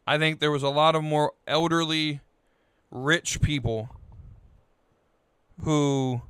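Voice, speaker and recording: A frustrated man hosts his own podcast, trading a calm tone for an exasperated rant that keeps tripping over restarts. His voice sits a little high and sounds smooth and resonant. The recording is close and dry, with no room sound around it. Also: no room sound. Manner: frustrated, halting, many restarts. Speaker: podcast host. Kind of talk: political rant.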